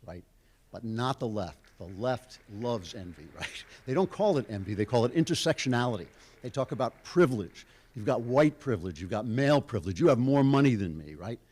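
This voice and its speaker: Older American male lecturer, middle pitch, emphatic and sarcastic. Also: a little mellow. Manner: emphatic, punchy one-word headings, sarcastic asides. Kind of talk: speaking at a lecture.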